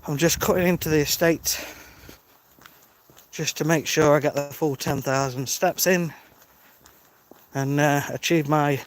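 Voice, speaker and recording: Walking outdoors at dawn on a village road, a vlogger in his thirties talks casually to his live-stream audience and calls out viewers by name into a handheld phone. His slightly high voice stays fairly even and unhurried with long pauses, and there's a bit of background noise.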